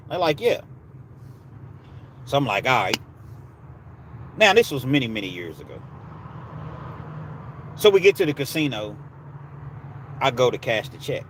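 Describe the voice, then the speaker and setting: A man's voice: medium pitch, big pitch swings, normal speed, long pauses, slight background noise. A man hosting a live stream, chatting casually with viewers and telling stories in a laid-back way with street slang. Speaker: livestream host. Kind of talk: casual storytelling and chat with viewers.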